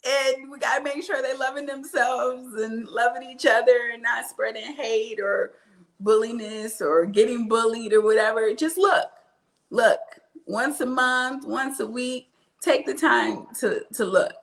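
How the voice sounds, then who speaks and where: Slow-talking woman, laughs often. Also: fairly high pitch, vocal fry. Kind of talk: casual chat.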